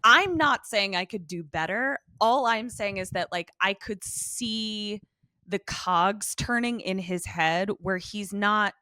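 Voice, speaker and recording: A woman's voice: medium pitch, slow, pushed and bright, no echo, studio quality. A woman co-hosting a podcast, talking in a chatty, casual way with lots of fillers. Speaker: podcast co-host. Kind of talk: casual chat.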